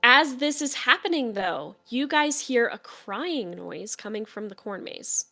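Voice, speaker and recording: A woman's voice: a little high, lively intonation, measured pace, sharp tone, soft background music. A woman narrating a tabletop game as game master in a casual, chatty way. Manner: casual, chatty, with fillers and laughs.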